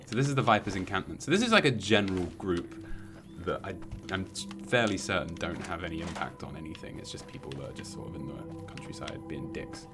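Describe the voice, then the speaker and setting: A man's voice: low voice, expressive, fairly quick. A British man streaming a video game, swearing, joking and mimicking people as he plays. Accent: British English. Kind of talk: casual gameplay chat. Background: game music.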